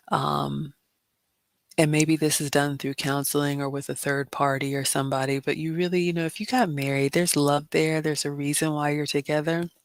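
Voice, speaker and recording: A woman's voice: low voice, no echo. A middle-aged woman hosting a casual livestream Q&A, giving chatty advice with lots of fillers. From immigrant. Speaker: livestream host.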